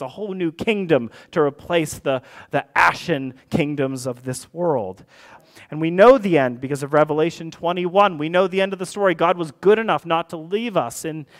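A pastor delivers a sermon in a conversational tone, slipping in wry asides. His voice sits a touch higher than most men's. He presses into passionate emphasis on key points.

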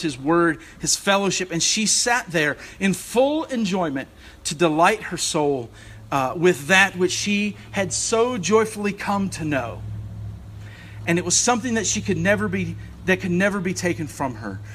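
A man's voice: high voice, lively intonation, moderate pace, a bit bright. A man preaching a sermon as a church's assistant rector, earnest and searching, often restarting his phrases. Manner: earnest, searching delivery with frequent restarts and fillers.

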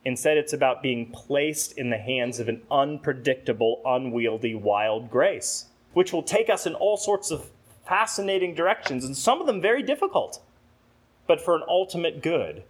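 A man's voice: on the high side, lively intonation, normal speed, slightly rough. A man, a rector, preaching a sermon and telling a story, acting out a talking vase's complaints as he goes. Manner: storytelling, acts out a talking vase with rising exclamations.

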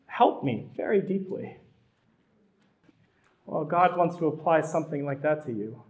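A man's voice: fairly high pitch, expressive, moderate pace, pauses often, darkish tone. A middle-aged man, a pastor, preaching a sermon in a conversational way that builds to emphatic repetition.

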